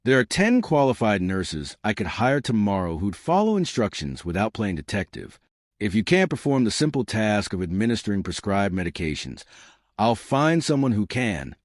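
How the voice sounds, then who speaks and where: A man plays a wealthy middle-aged father with a cold, controlling edge, clipped and condescending in every line. The voice sits fairly low and swings widely in pitch. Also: sing-song, moderate pace, no echo, studio quality. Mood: cold menace.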